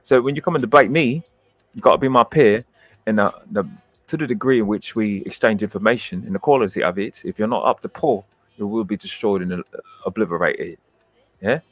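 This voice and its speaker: A brash, cocky man with a British accent holds forth on his own livestream, swearing freely and boasting. His voice sits a little low. The sound is dry and close, with almost no room in it. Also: brisk, no room sound. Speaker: livestream host. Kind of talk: combative livestream commentary.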